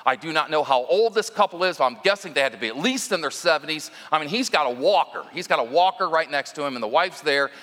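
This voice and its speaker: A man's voice: fairly high pitch, lively intonation, fast, few pauses, fairly bright tone, in a large hall. A man preaching as lead minister, mixing stories with direct talk to the congregation in a conversational sermon.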